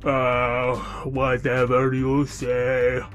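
A man's voice: medium pitch, completely flat delivery, drawn-out words, a bit bright. A man voicing a dry-witted male robot companion in a storybook tale, with matter-of-fact quips. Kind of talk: storybook character voice.

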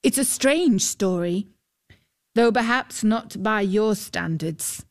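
A man's voice: high-pitched, slow. A woman voicing a courteous, earnest young knight with formal speech in a storybook reading.

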